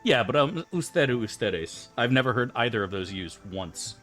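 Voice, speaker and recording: A man's voice: medium pitch, very animated, moderate pace, a bit bright, soft background music. A man casually commenting on his gameplay for viewers, joking and crude. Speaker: streamer.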